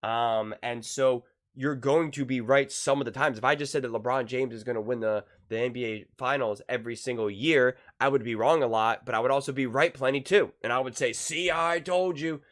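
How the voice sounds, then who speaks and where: A man's voice: mid-range voice, fairly even intonation, fairly quick, few pauses. A man giving casual sports reaction commentary, skeptical and argumentative, rambling with fillers.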